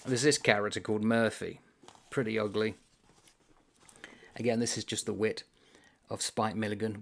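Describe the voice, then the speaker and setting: A man's voice: lowish voice, moderate pace, gravelly. A man hosting a book channel, casually discussing a comic novel in a rambling, amused way and reading passages aloud.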